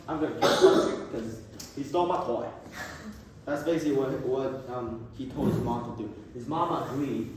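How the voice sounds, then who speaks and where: A teenage boy rambles through an old epic in slangy, self-correcting talk. His mid-pitched voice comes from a distance in a very echoey room. A faint noise hangs behind him. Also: a little mellow. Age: teens. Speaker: storyteller. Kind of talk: casual retelling of a classic.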